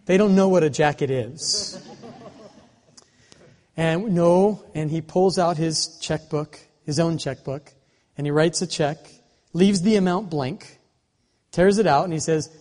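A man in his forties preaching a sermon, telling a story in an animated, humorous way. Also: fairly high pitch, unhurried, long pauses. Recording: long reverb of a large hall.

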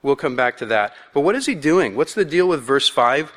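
A male pastor with a fairly high, expressive voice delivers an expository sermon at normal speed. His style is conversational and playful, and he acts out voices along the way. The recording carries a long hall reverb.

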